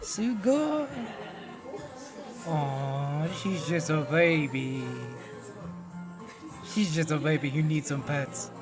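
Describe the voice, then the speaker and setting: A woman's voice: sits low, expressive, slow, long pauses. A woman streamer reacting casually to a video, gushing and cooing at dogs in baby talk. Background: music.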